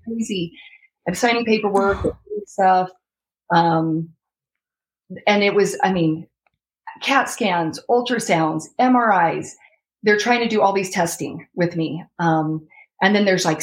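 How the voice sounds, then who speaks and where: A woman's voice: medium pitch, a little slow, rough recording. A woman in her thirties telling her personal story as an interview guest, reliving her own past words.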